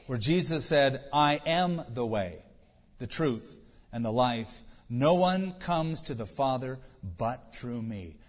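Man preaching with a husky voice. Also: mid-range voice. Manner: conversational preaching with rhetorical questions and wry humor. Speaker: pastor. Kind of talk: sermon. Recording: dull, lo-fi sound in a reverberant hall.

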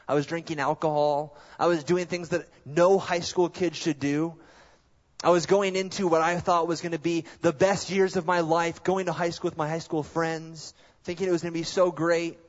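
A male pastor preaching a sermon, telling stories in an animated way with self-deprecating humor. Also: a little high, moderate pace. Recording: dull lo-fi sound.

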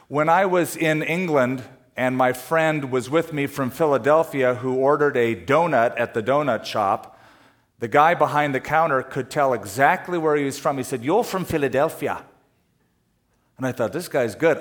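A middle-aged man from California preaching a sermon, telling a travel story with laughter before turning to scripture. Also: fairly high pitch. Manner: animated storyteller, laughing through anecdotes.

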